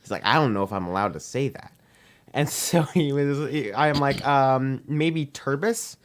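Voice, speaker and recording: A teenage boy sits in as a podcast guest and tells a story the loose, chatty way. He leans on "um" and "we're like" to act out each exchange, at an ordinary pitch for a young man. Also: moderate pace. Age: teens. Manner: rambling, heavy use of "we're like" and "um". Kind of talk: casual anecdote telling.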